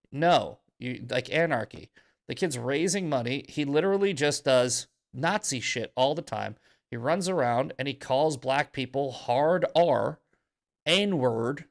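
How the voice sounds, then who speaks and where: A man's voice: fairly high pitch, creaky. A male podcast host giving heated, profane commentary in an angry ranting manner.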